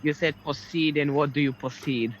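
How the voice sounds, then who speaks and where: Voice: medium pitch, steady tone, moderate pace, muffled recording, noisy background. A playful friend on voice chat, joking about doing accents while gaming.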